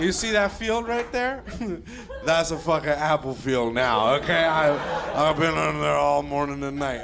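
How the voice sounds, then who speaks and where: A stand-up comedian acting out a rowdy, profane wandering drifter loudly pitching apples to a town, in a stand-up character bit. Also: male voice, background noise. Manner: loud, swaggering, profane sales pitch.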